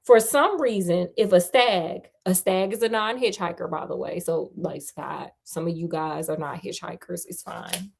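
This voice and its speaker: A woman's voice: lowish voice, normal speed, gravelly, hardly any pauses, breathy edge. A woman reading a novel aloud casually, breaking off for playful, chatty asides. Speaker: storyteller. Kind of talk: casual read-aloud storytelling.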